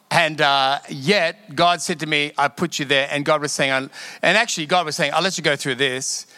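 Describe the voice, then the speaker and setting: Bright-voiced pastor preaching with gusto. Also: male voice, on the high side, no room sound. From Australia. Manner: storytelling, laughing often, animated emphasis. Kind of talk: sermon.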